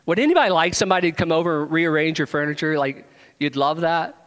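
Animated male preacher in a reverberant hall. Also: on the high side, fast talker. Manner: animated, rising to emphatic questions, joking with the congregation. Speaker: pastor. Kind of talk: sermon.

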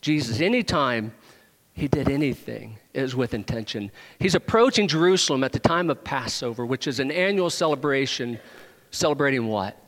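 A man's voice: mid-range voice, lively intonation, moderate pace. Emphatic preacher man in a reverberant hall. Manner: emphatic, swings between loud proclamations and hushed asides. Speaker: pastor. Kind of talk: sermon. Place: church sanctuary.

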